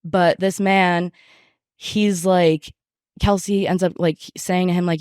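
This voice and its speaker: Young woman, podcast guest, casual story, profane, filler-heavy, lowish voice. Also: slow pace, smooth, no room sound, clean studio sound. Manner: animated, profane, lots of fillers.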